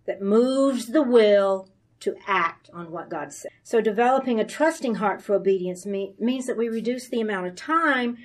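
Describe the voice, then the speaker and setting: A woman giving a sermon-style Bible teaching, earnest and confiding, with soft laughs between points. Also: medium pitch, animated, normal speed, far from the mic.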